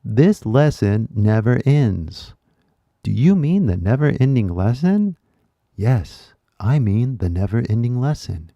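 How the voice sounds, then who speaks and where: A man voicing a stiff, droning male textbook teacher with slow, fake-sounding intonation. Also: medium pitch, very animated, warm tone, no room sound, highs cut off. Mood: mock-earnest.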